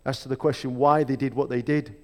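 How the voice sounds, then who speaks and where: Guy preaching a sermon, slow thoughtful delivery, asks lots of questions, mid pitch voice, echoey hall. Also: little pitch movement. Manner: reflective, measured preaching with emphatic rhetorical questions. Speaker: pastor. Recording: long hall reverb.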